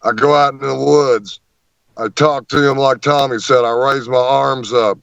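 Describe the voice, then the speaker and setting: A man, a guest on an interview show, telling a long story in an animated way and often repeating words as he goes. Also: mid-range voice, a little slow, creaky, no echo, lo-fi sound.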